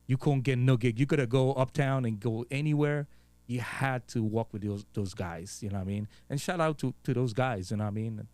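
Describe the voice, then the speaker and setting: A Virgin Islands-accented guest DJ talks briskly in a medium-pitched, slightly mellow voice. It's a casual interview chat where he stays relaxed and slangy, swearing often and leaning on fillers.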